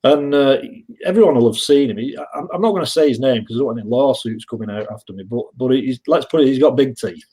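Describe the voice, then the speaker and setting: A man's voice: medium pitch, fast talker, few pauses, mellow, slightly rough, poor audio. A man from England with a Northern English accent, a guest chatting casually in a live-stream interview, rambling through anecdotes with frequent restarts. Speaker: guest reseller.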